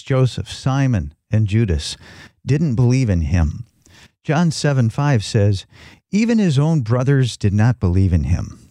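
A man with a medium-pitched, warm voice co-hosts a Christian talk show, teaching from the Bible in an earnest, reflective way and often restarting his sentences. The recording is dry, with clean studio sound.

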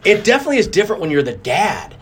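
Speaking very fast in a high, slightly rough voice, a middle-aged racing driver guest tells stories in a casual interview. He's animated, acting out quotes with big vocal jumps.

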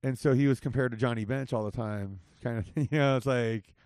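A man's voice: mid-range voice, brisk, a little mellow, clear, resonant tone, dry recording, studio quality. A man hosting a casual podcast, joking and swearing loosely as he banters with a friend. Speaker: podcast host.

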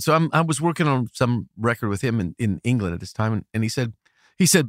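A man's voice: medium pitch, fairly quick, no room sound, clean studio sound. A middle-aged man from the United States, a record producer telling stories in a casual interview, laughing easily and restarting his sentences. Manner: animated, laughing storyteller with many restarts.

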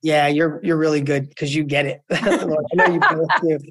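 A man's voice: normal speed, dry recording. A man being interviewed as an entrepreneur guest, talking emphatically in a motivational, storytelling way. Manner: emphatic, storytelling, animated pitch swings.

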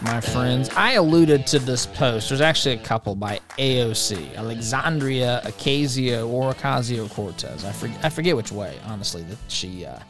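A man hosting a talk show, giving opinionated political commentary in a conversational way and addressing listeners as his friends. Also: mid-range voice.

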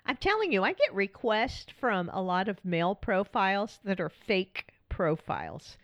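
A woman's voice: mid-range voice, big pitch swings, moderate pace, dry recording. A woman hosting a podcast as a coach, talking in a chatty, friendly way and laughing often. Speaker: podcast host and widow coach. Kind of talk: casual podcast monologue.

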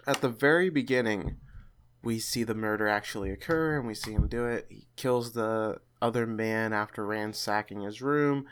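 A man's voice: fairly low pitch, normal speed, a bit bright, a little hiss or hum. A man hosting a podcast, chatting casually and often restarting his sentences. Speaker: podcast host.

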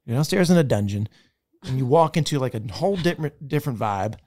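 A man's voice: mid-range voice, lively intonation, quick pace, darkish tone. A man co-hosting a podcast, telling his restaurant picks in a casual, chatty way. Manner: chatty storytelling, restaurant reviews. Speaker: podcast host. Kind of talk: casual chat.

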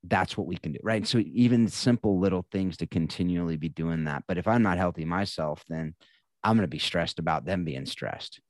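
Low-voiced man, casual podcast host. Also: brisk, dry recording.

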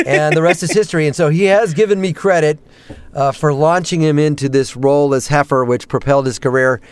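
A man, a voice actor and stand-up comedian, telling animated stories and slipping into character voices. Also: on the high side, smooth. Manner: lively storyteller, quick jumps into character voices. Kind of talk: animated anecdotes with voice impressions.

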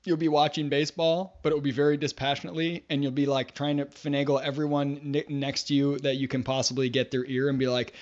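A man's voice: medium pitch, fast talker, few pauses. A man co-hosting a casual podcast chat, telling stories and slipping into mocking voices. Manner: animated storyteller, puts on mocking voices. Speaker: podcast co-host. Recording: dull lo-fi sound.

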